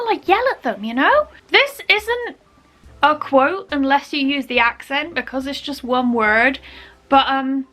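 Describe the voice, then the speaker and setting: A young woman chatting casually in her vlog, jumping into loud quoted film lines. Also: high-pitched. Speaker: vlogger.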